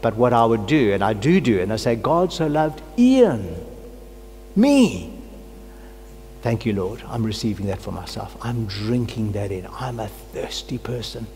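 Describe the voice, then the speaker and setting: A man's voice: mid-range voice, darkish tone. A middle-aged man who is a pastor, preaching a personal sermon with earnest, fervent prayer and a cold. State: has a cold. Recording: long hall reverb, faint hum.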